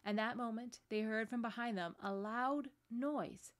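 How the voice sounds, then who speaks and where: A woman pastor reading a storybook chapter aloud with gentle, steady narration. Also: on the high side, unhurried, hardly any pauses.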